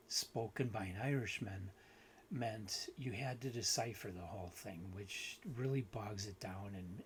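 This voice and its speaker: A man hosting a book video, giving an unhurried, critical review with frequent restarts and fillers. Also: fairly low pitch, slight background noise.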